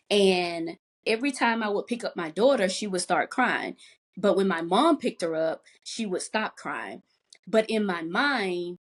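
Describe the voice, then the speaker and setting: A young adult woman, a podcast guest, openly telling a raw personal story with reflective pauses. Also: lowish voice. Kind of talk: personal testimony in a podcast conversation.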